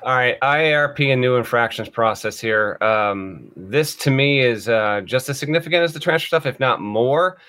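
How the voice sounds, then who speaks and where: Bright-voiced man hosting a podcast. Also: mid-range voice, moderate pace, few pauses. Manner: reads quotes aloud then comments wryly. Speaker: podcast host. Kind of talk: casual podcast discussion.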